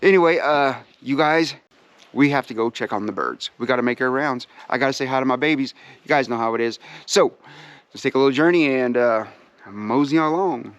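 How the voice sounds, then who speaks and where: The host of this outdoor channel breeds pheasants and vlogs casually from his pheasantry, speaking a little fast in a mid-range, fairly bright, clear and resonant voice on a dry, lo-fi recording. He's folksy and rambling with plenty of fillers, keeps saying "you guys" to viewers, and talks sweetly to his birds as he moves about.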